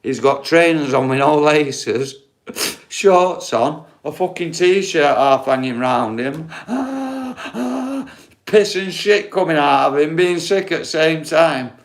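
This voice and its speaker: A man's voice: fairly high pitch, a little slow. A man with a Yorkshire accent hosting a livestream, telling rambling, sweary stories and chatting to his viewers. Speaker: livestream host.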